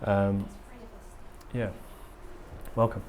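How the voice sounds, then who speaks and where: A man's voice: fairly low pitch, little pitch movement, extremely slow, a little mellow. Enthusiastic man giving a talk. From England. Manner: candid, enthusiastic, rambling with many ums. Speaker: conference speaker. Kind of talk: live conference talk and Q&A. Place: conference hall.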